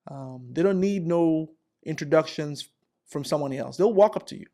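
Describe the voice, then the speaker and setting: A man in his forties tells office stories as career advice, repeating himself for emphasis. His voice sits a little high for a man, and he keeps slipping into the voices of the coworkers in his stories. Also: moderate pace, dark tone. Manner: repetitive, acts out characters. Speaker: career vlogger. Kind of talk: animated storytelling advice.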